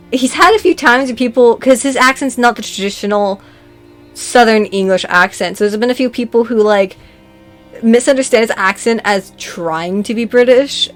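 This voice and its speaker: A woman's voice: mid-range voice, a bit bright. American woman hosting, rambly and chatty, lots of ums, jokes about herself. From United States. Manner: chatty, rambling, self-deprecating joking with many fillers. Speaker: host. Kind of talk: casual chat.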